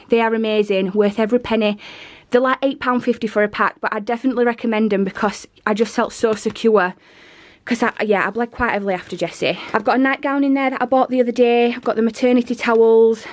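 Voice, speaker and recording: A young pregnant woman, chatting casually in a home vlog, rambling and out of breath. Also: a little high. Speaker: vlogger. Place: home living room and nursery, indoors.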